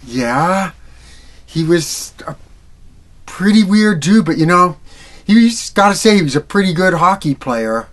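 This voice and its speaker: Slow-paced animated male storyteller. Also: high-pitched. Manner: animated, acts out characters and sound effects. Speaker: musical storyteller. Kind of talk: storytelling for children. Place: library event.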